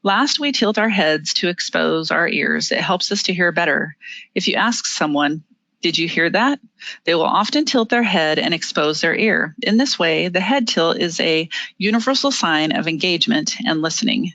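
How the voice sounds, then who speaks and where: A presenter teaching interview skills in a webinar, explaining each step clearly with the odd filler and small laugh. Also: mid-range voice, expressive, normal speed, pushed and bright, no room sound, highs cut off. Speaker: webinar presenter on body language. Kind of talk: instructive presentation.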